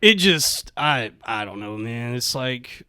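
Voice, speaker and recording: A man's voice: medium pitch, animated, slow, sharp tone, smooth, no room sound, clean studio sound. A young man telling a comic story on a podcast, laughing often through his own account. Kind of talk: casual comedic storytelling.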